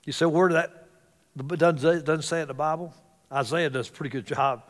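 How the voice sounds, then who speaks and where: A male pastor preaching a sermon in a church, swinging between loud exclamations and hushed asides. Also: fairly high pitch, steady tone, brisk. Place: church sanctuary. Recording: reverberant church hall.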